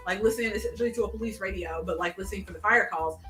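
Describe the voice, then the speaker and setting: A woman hosting a casual chat show, telling a long story in an animated way with many fillers and restarts. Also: mid-range voice, racing. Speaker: podcast host. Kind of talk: casual chat, recapping a TV episode. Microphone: video call stream. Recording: echoey room, distant mic, faint music.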